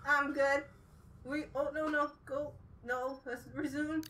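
A woman streamer reacting loudly to a VR game, cursing and half laughing, half crying. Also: high-pitched, level tone, a little slow, distant mic, a little hiss or hum. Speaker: gaming streamer.

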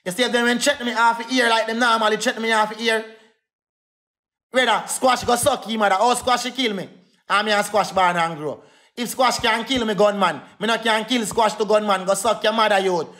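A man's voice: sits high, fairly quick, bright, forceful tone. A young Jamaican man in a heated livestream rant, defiant and repetitive, calling out to his viewers.

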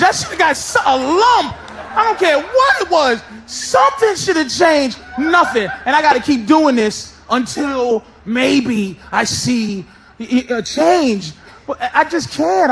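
High, shouting stand-up comedian. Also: male voice, a little hiss or hum, rough recording. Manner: loud, shouting punchlines, laughing mid-sentence. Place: stage before a live audience. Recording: live show with loud crowd laughter.

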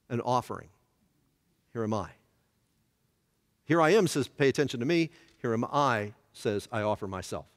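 Animated pastor in a reverberant church. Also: male voice, high voice. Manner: animated, asks the room questions. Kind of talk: Bible study teaching.

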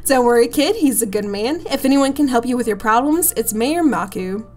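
A friendly, folksy fisher penguin, a family man with a put-on Italian accent, voiced by a woman. He talks to a newcomer in reassuring tones. The voice sits fairly high for a dad. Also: expressive, moderate pace, darkish tone, soft background music, close to an everyday voice. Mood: hearty.

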